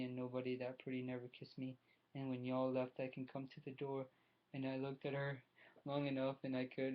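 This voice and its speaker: Flat monotone man reading aloud. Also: medium pitch, muffled recording. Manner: halting reading with frequent restarts. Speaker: audiobook reader. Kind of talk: reading a novel chapter aloud.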